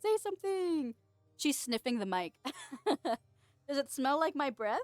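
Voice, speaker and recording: Giggly high-voiced woman streamer. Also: a little slow, clear, resonant tone, no room sound, faint music behind. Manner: giggly, excitable, chatting to viewers. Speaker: streamer and VTuber. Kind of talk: casual livestream chat.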